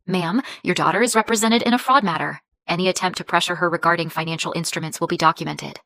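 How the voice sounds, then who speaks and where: A woman voicing a calm, cold female fraud lawyer who speaks in clipped, unemotional statements. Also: lowish voice, fast, no room sound.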